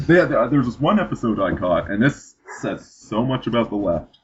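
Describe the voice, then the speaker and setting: Speaking at a normal pace in a sing-song, mid-pitched voice, this man hosts a laid-back political podcast. He rambles and keeps restarting his sentences by repeating words, all on dull, lo-fi audio.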